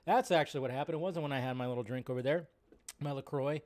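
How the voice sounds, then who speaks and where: A man's voice: mid-range voice, quick pace, darkish tone. A man hosting a live film news stream, talking in a loose, rambling, casual way with lots of fillers.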